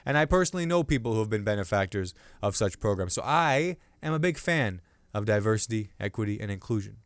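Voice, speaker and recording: A male comedian hosting his own podcast, riffing loosely on the news with self-mocking jokes and sudden loud bursts between hushed asides. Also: lowish voice, lively intonation, fast, dry recording. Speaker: podcast host and stand-up comedian.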